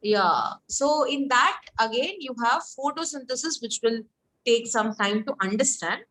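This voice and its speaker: Woman, online tutor; casual, halting delivery over a call. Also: fairly high pitch, lively intonation, a bit bright, slight background noise, poor audio. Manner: casual, halting, many fillers. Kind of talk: online one-to-one lesson. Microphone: video call.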